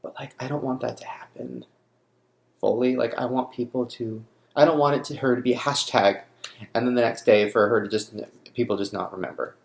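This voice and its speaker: A young man in an emotional personal vlog, speaking through grief in halting, broken sentences. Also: mid-range voice, steady tone, gravelly, reverberant. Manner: grieving, halting, restarts often. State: shaken by grief. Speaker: vlogger.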